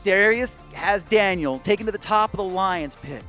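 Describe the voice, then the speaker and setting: An American man, a children's pastor, telling a Bible story to kids in a playful, animated way, with goofy voices and roars. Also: high voice, normal speed, faint music behind.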